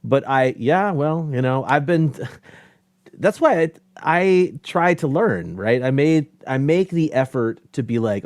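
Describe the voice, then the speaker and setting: Animated podcaster chatting casually. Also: male voice, medium pitch, no echo, studio quality. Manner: enthusiastic, laughs often, quick asides. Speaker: podcast host, guest. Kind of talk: casual live-stream chat.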